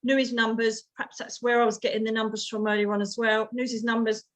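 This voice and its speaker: A woman's voice: on the high side, little pitch movement, fast talker. A British woman giving a live reading over a video call, chatty, calling people darling and swearing mildly. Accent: British English. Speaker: psychic medium.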